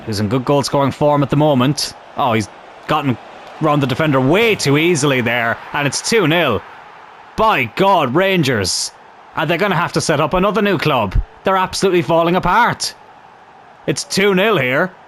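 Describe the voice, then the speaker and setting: A young man talks over his football video game, chatty and excitable, swearing mildly as the match goes on. His voice sits a little high and swings up sharply when something big happens. There is a faint background hum throughout. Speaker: gaming YouTuber. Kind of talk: live football game commentary.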